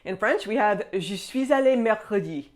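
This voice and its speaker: A woman's voice: mid-range voice, lively intonation, normal speed. A woman giving a casual, upbeat video lesson as a French teacher, counting down tips with frequent "all right".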